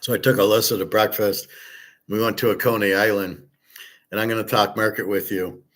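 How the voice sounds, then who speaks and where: This host speaks a little fast in a lowish voice with a level tone. His casual monologue is blunt and opinionated, full of swearing and rambling fillers, and he tends to trail off quietly.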